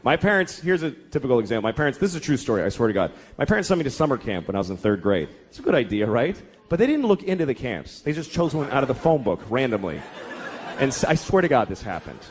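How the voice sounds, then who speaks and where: A man's voice: mid-range voice, big pitch swings, fast, husky. A middle-aged man doing a stand-up comedy set, ranting in an exasperated way and acting out the people in his stories, with audience laughter behind him. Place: comedy stage before a live audience. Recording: faint crowd and noise of a live show.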